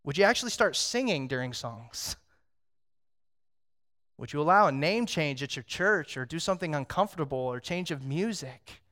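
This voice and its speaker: A man in his thirties preaching a sermon as pastor, talking conversationally and telling stories, moving from hushed reflection to loud excitement. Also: fairly high pitch, normal speed.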